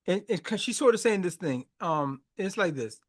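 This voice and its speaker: Hosting a podcast, a man riffs casually on song lyrics with slang, repeats, and lots of laughs. His voice sits high and sounds animated, moving at a moderate pace.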